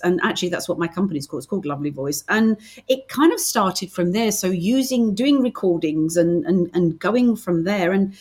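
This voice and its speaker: A middle-aged British woman with a fairly low voice talks easily as a podcast guest. She tells stories in a chatty way and restarts her sentences often. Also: animated, brisk, few pauses, breathy edge. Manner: chatty, warm storytelling with many restarts. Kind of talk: casual interview chat.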